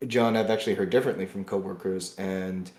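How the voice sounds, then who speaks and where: A man co-hosting a podcast, delivering a heated political rant that swings between loud outbursts and low muttering. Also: steady tone, a little fast, echoey room. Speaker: podcast co-host.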